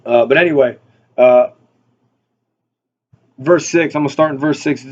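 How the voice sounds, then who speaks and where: A man's voice: mid-range voice, moderate pace, long pauses, highs cut off. A man giving a casual, rambling Bible study talk, full of fillers and repeated words. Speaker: Bible teacher.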